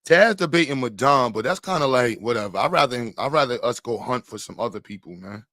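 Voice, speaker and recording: A man's voice: medium pitch, animated, brisk, bright, forceful tone, no room sound, clean studio sound. A man talking in a casual, teasing, slangy way, often breaking into laughs as he mocks and riffs. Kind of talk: casual trash-talking banter.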